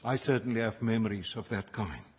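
A man preaching a sermon as pastor, slow and measured, with dramatic pauses between phrases. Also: on the low side, breathy edge. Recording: tinny phone-like sound.

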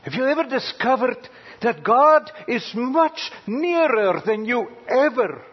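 A man preaching a sermon, swinging dramatically from loud cries down to near-whispers, with halting pauses and fillers. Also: very high voice, animated, slightly rough. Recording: dull lo-fi recording.

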